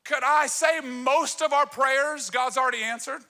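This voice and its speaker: A male pastor delivers an energetic, emphatic sermon from a church stage. His voice sits very high and sounds bright and forceful. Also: measured pace.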